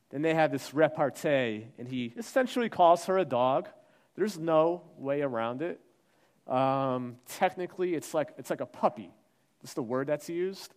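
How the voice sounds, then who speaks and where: A man preaching a sermon, acting out the voices he quotes and swinging between hushed and loud. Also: a little high, lively intonation, moderate pace, clear, resonant tone. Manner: dramatic, acts out quoted voices, shifts from soft to loud. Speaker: pastor.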